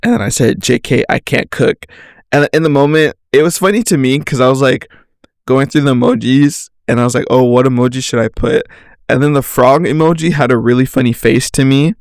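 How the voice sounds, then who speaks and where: A man's voice: mid-range voice, brisk, no room sound, studio quality. A young man casually telling a rambling story on his podcast, swearing, laughing and saying "like" a lot. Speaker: podcast host.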